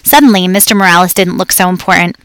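A woman narrating a children's story aloud in a clear, lively storytelling manner. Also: lowish voice, fast talker, no room sound. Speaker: audiobook reader.

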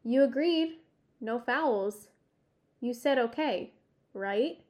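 A woman's voice: a little high, animated, slow pace, a little mellow. A woman reading the lines of a cocky, taunting boy basketball player in a storybook. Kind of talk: audiobook reading.

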